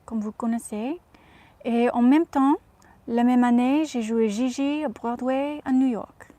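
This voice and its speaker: A woman impersonating a gracious 1950s film star, reading an interview answer in careful, halting French. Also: fairly high pitch, steady tone, warm tone, natural voice. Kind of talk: reading an interview aloud in character.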